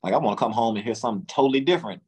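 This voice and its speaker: A middle-aged man, an interview guest, telling his story casually in slangy speech, acting out quotes with sudden jumps in pitch. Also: animated, very fast, darkish tone, slightly rough. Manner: loose, slangy, lots of restarts.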